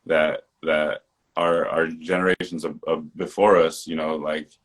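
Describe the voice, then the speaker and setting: A man's voice: very deep voice, little pitch movement, measured pace. A man hosting a podcast, speaking in a thoughtful, hesitant way and often repeating words while he searches for the next thought. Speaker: podcast host. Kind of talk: casual conversation.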